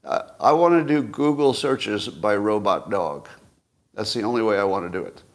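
A man's voice: lowish voice, lively intonation, normal speed. A man in his sixties hosting a solo commentary show, rambling and self-mocking with frequent chuckles. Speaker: podcast host.

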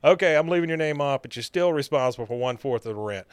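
A man's voice: mid-range voice, lively intonation, quick pace, clean tone, dry recording, close to an everyday voice. A man reading the lines of a strict, rule-bound middle-aged father in a clipped, by-the-book way. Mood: stern.

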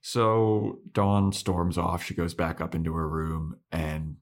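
Low-voiced laid-back podcast guy. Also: slow pace. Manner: relaxed, many "like" fillers, retells scenes. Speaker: podcast co-host. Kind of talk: casual chat.

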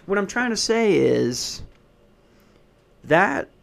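A man's voice: high-pitched, very animated, slow pace, creaky. A man hosting a solo podcast, talking in a blunt, profane, self-deprecating casual rant. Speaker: podcast host.

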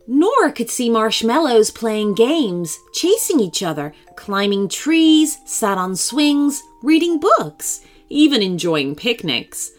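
A woman reading a children's story aloud in an expressive way. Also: on the high side, slow, hardly any pauses.

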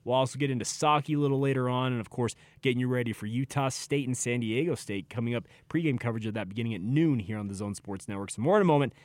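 A man hosting a sports radio show, emphatic and animated, who laughs easily. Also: mid-range voice, fast talker, hardly any pauses, no echo.

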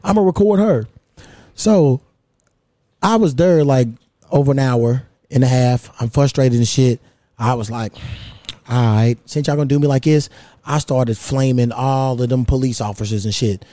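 A man in his thirties hosting a casual podcast, telling a story in a lively, profane way. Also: medium pitch, moderate pace, dry recording, clean studio sound. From United States. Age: 30s. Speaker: podcast host.

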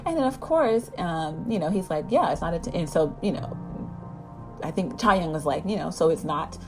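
A woman giving a casual, animated episode recap. She rambles with many fillers and keeps acting out the characters' lines. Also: fairly low pitch, normal speed, over music. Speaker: drama recap vlogger.

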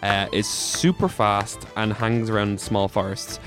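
An Irish man co-hosts a comedy podcast with relaxed, explanatory banter. His voice sits fairly low, and faint music plays in the background. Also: unhurried. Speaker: podcast co-host. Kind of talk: casual comic banter.

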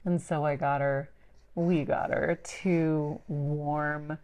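A chatty woman in her thirties with a notably low voice, talking casually on a podcast. She rambles along with plenty of ums and likes, relaxed and conversational. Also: slow, muffled recording. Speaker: podcast co-host. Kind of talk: casual chat.

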